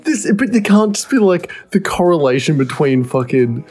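A man's voice: fairly high pitch, sing-song, moderate pace, a little mellow, breathy edge, faint music behind. A young Australian man co-hosting a podcast in casual chat, laid-back and teasing. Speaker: podcast co-host.

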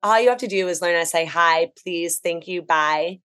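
An American woman, a travel writer guesting on a podcast, telling stories in a chatty, animated, enthusiastic way. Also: fairly low pitch, normal speed, clear, resonant tone. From United States. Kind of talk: casual podcast chat.

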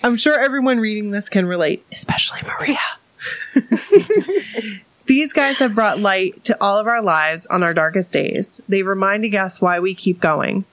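A woman's voice: medium pitch, expressive, a little slow, a bit bright, no room sound. An enthusiastic woman from New England co-hosts a casual podcast, reading a listener's letter aloud and breaking off to laugh and chat. Her voice sits in a middle register, and the recording is dry and close, with no room sound.

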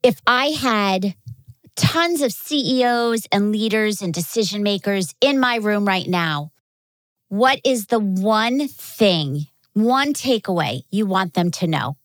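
A woman hosting an interview, asking questions in a measured, encouraging way. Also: mid-range voice, expressive, no echo. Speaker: host. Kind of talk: podcast interview.

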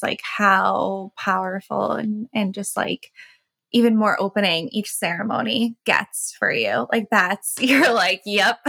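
A woman's voice: medium pitch, vocal fry, fairly bright tone, no echo. A woman co-hosting a podcast in a casual chat, often reacting with awe and enthusiasm. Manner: reacts with frequent awed "wow"s, enthusiastic. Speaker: podcast co-host.

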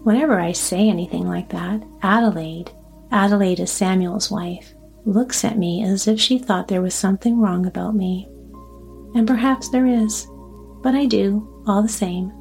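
A woman's voice: medium pitch, creaky, darkish tone, natural voice. A woman voicing a talkative, anxious old grandmother in a storybook reading. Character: chatty fussy old grandmother.

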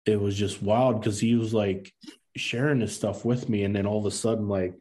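A man in his thirties tells a personal story in a low, mellow voice. He speaks in earnest and acts out the lines of the people in it. His casual speech is full of fillers. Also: steady tone, moderate pace. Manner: earnest, acts out quoted dialogue, many fillers. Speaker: podcast guest.

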